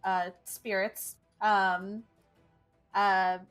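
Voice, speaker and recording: Slow, hesitant woman player. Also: medium pitch, little pitch movement, a bit bright, smooth, soft background music. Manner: hesitant, polite, many fillers. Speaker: tabletop game player. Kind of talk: playing a character in a tabletop game.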